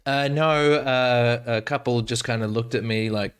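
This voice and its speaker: A man, a comedian and actor, chatting as a podcast guest and telling animated, self-mocking stories with plenty of restarts. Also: mid-range voice, unhurried, clear, resonant tone. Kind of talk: casual podcast chat.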